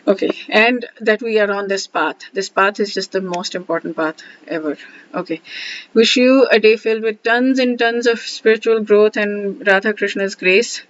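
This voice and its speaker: A woman's voice: medium pitch, normal speed, lo-fi sound. A woman hosting a scripture study series, talking in an earnest, enthusiastic, devotional way, often repeating herself and restarting phrases. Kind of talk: casual devotional teaching.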